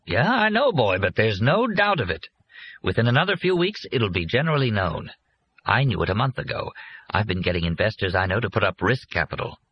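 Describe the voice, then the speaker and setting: A man voicing a calm, confident older businessman who explains his land deal to his son in a persuasive, matter-of-fact way. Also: fairly low pitch, brisk, husky, voice pushed up. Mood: eager. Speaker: father. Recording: muffled lo-fi recording.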